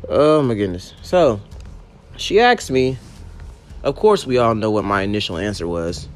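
A man's voice: fairly low pitch, expressive, unhurried, faint music behind. A young man and rideshare driver retelling a story about a passenger in an exasperated, profane, emphatic rant.

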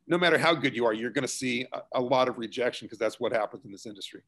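A man's voice: mid-range voice, fast talker, fairly bright tone. Middle-aged man, easygoing explainer. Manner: conversational, explanatory, many fillers and restarts. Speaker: school theater director. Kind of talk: relaxed interview answers.

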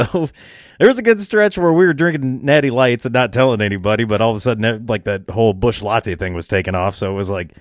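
A man's voice: mid-range voice, quick pace, dry recording, studio quality. A man telling rambling stories in casual chat, laughing and swearing often.

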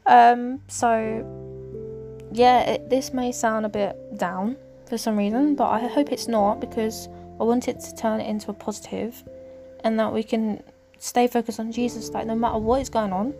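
A woman hosting a casual faith podcast, talking in a rambling, hesitant way with many pauses and fillers. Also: fairly high pitch, fairly even intonation. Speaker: podcast host. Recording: music clearly underneath.

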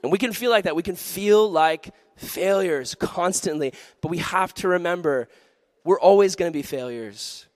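Energetic guy preaching to a youth crowd, jokey stories, kinda high voice, dry no echo. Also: normal speed. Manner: animated storytelling, energetic, jokey. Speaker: youth pastor. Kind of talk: sermon. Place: room with a live youth audience.

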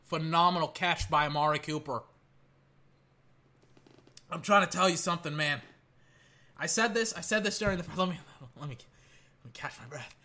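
A high-voiced man reacts live to a football game as a fan, excitable and exclamatory, rambling in between play calls.

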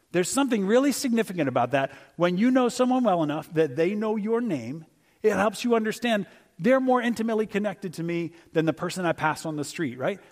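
Middle-aged man, guest pastor, relaxed storytelling sermon, voice sits on the high side. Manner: conversational and storytelling, acts out voices for humor. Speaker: guest speaker.

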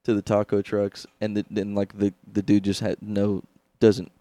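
A man's voice: fairly low pitch, completely flat delivery, normal speed, mellow, dry recording. A young man co-hosting a podcast, trading crude jokes, laughing often and slipping into goofy put-on voices. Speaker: podcast co-host. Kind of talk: crude comedic banter.

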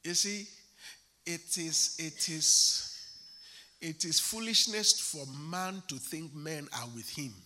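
A man's voice: bright, forceful tone, slight background noise. A male pastor preaching a sermon, emphatic and repetitive, building to a fervent rise. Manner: emphatic, repeats phrases, slows and rises to a fervent pitch.

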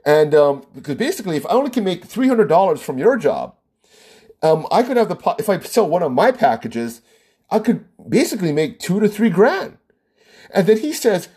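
A man's voice: high-pitched, big pitch swings, moderate pace, warm tone, breathy edge. A man who runs a wedding business, ranting in a vlog and retelling arguments, full of "you know" and "right?".

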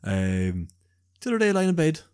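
A man's voice: a little high, wildly swooping pitch, normal speed, a little mellow, clear, resonant tone. A man, co-hosting a podcast in laid-back, jokey casual chat with swearing. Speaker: podcast co-host.

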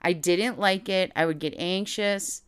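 Woman, lowish voice, very clear, animated chat, laughs a lot. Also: a little slow, dry recording, studio quality. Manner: animated storytelling, laughing often. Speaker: podcast co-host. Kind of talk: casual chat.

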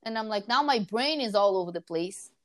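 A woman's voice: mid-range voice, animated, a little fast, dry recording, clean studio sound. A woman in her thirties in casual chat, telling stories animatedly and acting out the voices she quotes. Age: 30s.

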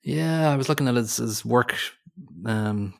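A man's voice: mid-range voice, a little slow, creaky. A man co-hosting a movie podcast, chatting in a rambling, jokey way that keeps correcting itself. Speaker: podcast co-host. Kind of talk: casual movie podcast chat.

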